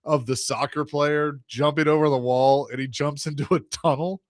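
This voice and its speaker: A man's voice: a little high, steady tone, moderate pace, no echo, clean studio sound. Easygoing male sports radio co-host. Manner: easygoing, chuckles often. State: sore voice from shouting. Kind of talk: casual sports radio banter.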